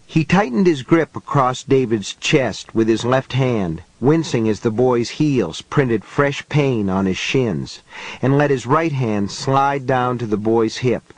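A man reading an audiobook as the narrator, with measured, unhurried storytelling. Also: mid-range voice, expressive, dry recording, poor audio. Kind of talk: scripted narration.

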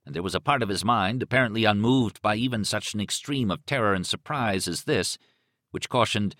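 Expressive lower-voiced male narrator. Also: moderate pace, dry recording, clean studio sound. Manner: expressive, dramatic reading. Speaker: audiobook narrator. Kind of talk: scripted narration.

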